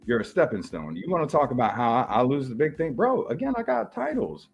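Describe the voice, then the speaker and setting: A man's voice: medium pitch, very animated, fairly quick, creaky, slightly rough, faint music behind. A man, a wrestler, trash-talking on a podcast in a boastful, slangy, swaggering way.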